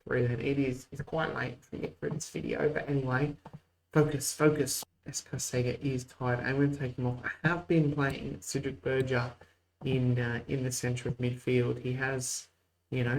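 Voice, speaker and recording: A man's voice: medium pitch, darkish tone, slight background noise, rough recording. Man giving casual game commentary. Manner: mock play-by-play, muttered asides. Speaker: host.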